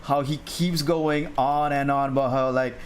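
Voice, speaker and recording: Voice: medium pitch, fairly even intonation, measured pace, a little hiss or hum. A drawing streamer in casual livestream chat, rambling with frequent laughs and restarts while answering chat questions.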